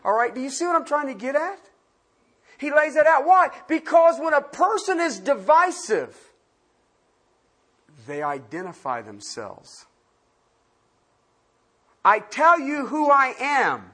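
A pastor teaching a Bible-study sermon, asking the listeners questions and swinging from loud emphasis to quiet asides. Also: high-pitched, big pitch swings, measured pace, pauses often.

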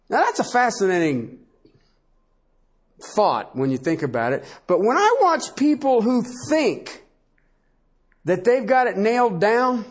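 Guy preaching a sermon, lively and emphatic, chuckles all through it, slightly high voice. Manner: animated preaching, swinging from low asides to high emphatic bursts; laughs often while preaching. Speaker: pastor.

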